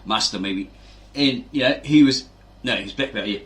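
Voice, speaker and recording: A man speaks at normal speed in a medium-pitched, slightly bright voice. Taking the role of a fitness channel host, he rambles through a casual explanation, performing quotes and repeatedly checking in with "right?"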